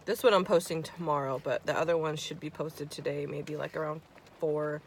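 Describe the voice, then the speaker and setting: A woman's voice: low voice, fairly even intonation, normal speed, slight background noise. A woman in her twenties telling a casual storytime while eating, chatty and profane, acting out her friends' lines. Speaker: vlogger.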